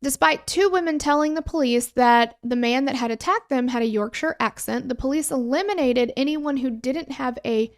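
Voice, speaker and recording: A woman co-hosting a true crime podcast, telling the case in a casual, animated way with exasperated asides. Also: high voice, moderate pace, hardly any pauses. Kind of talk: casual conversational storytelling.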